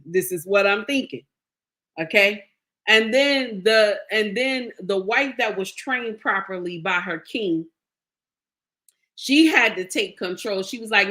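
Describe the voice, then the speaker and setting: This middle-aged woman vlogger shares a personal story with her viewers, addressing them directly in a casual, emphatic style full of repeated phrases. Her voice sits at a medium pitch with a sharp tone, and she takes her time.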